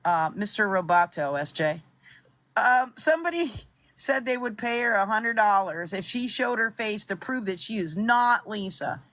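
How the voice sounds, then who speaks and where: A woman's voice: medium pitch, lively intonation, normal speed, a bit bright, dry recording. A woman giving chatty, amused commentary on a video she is playing. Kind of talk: casual commentary.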